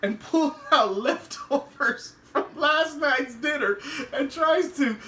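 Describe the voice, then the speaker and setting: A man hosting a podcast, giving a casual, animated recap of a TV episode, laughing often and acting out the characters' lines. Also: very high voice, slow pace, recorded from a distance. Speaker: podcast host. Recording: roomy, away from the mic.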